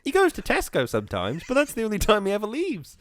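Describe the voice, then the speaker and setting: Lively man, swooping pitch. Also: quick pace. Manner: animated, self-mocking storyteller. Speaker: podcast co-host. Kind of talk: casual podcast banter.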